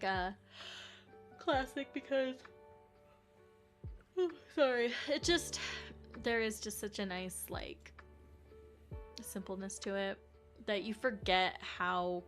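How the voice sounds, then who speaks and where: A woman's voice: medium pitch, a bit bright. A woman live streamer chatting casually with her viewers in a bubbly, chatty way, full of fillers, sometimes dropping to near whispers.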